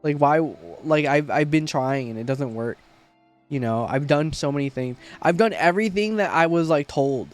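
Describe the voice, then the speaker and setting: A young man chatting on his livestream, his voice sitting a little high for a man. He rambles with heartfelt candor and swears freely, and faint music plays underneath. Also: moderate pace. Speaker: streamer. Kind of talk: casual livestream chat.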